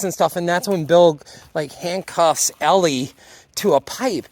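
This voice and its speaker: Speaking slowly at a medium pitch, a video reviewer loosely retells a TV episode in a casual way. The recap includes performed character lines and tends to drift off track.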